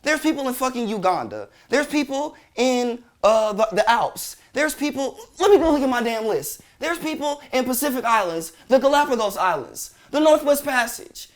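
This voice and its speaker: A man's voice: very high voice, very animated, moderate pace, few pauses. A man hosting a commentary show, ranting in exasperated disbelief with heavy swearing.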